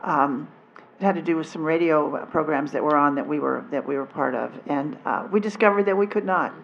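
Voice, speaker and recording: A woman speaking as a panelist on deception, halting and restarting her phrases and trailing off softly. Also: low-pitched, creaky, slight background noise. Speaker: panelist, former intelligence officer. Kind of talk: panel discussion answer. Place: convention panel room. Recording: dull convention panel audio.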